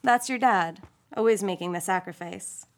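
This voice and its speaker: A woman's voice: medium pitch, moderate pace, natural voice. A woman voicing a wisecracking male police officer while reading a short story aloud, in a chatty, joking manner. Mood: matter-of-fact. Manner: joking, chatty, then matter-of-fact.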